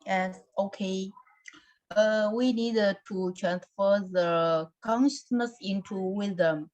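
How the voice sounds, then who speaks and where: Slow woman reviewing her lesson. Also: mid-range voice, darkish tone, muffled recording. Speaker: student.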